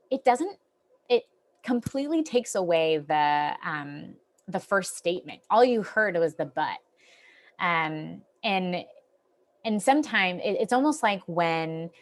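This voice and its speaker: A young adult woman therapist giving an informal wellness talk, gentle and reassuring, with frequent ums and restarts. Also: fairly low pitch. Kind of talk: informal lecture.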